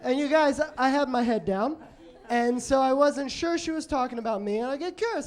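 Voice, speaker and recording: Halting self-mocking male comedian. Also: very high-pitched. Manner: halting, self-deprecating, with many restarts. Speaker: stand-up comedian. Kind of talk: stand-up storytelling. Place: comedy club stage.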